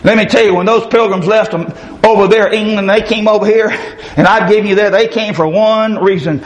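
A middle-aged man preaching a fiery revival sermon, swinging between shouted high bursts and low, growling stretches. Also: fairly even intonation, fairly quick, low-quality recording.

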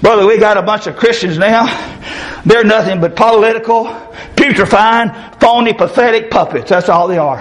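Fiery preacher man shouting. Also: normal speed, poor audio. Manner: shouting, swinging between high bursts and low growls. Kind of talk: fiery revival sermon.

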